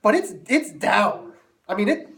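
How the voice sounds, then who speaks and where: A man's voice: high-pitched, big pitch swings, unhurried, creaky, fairly bright tone, recorded from a distance. A male math teacher telling a self-mocking story to his class before moving into the lesson.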